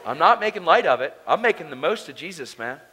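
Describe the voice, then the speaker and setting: Fervent high-voiced male preacher. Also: very animated, fast, husky, low-quality recording. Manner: passionate, emotional, swings between loud and hushed. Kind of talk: conference sermon. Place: conference hall.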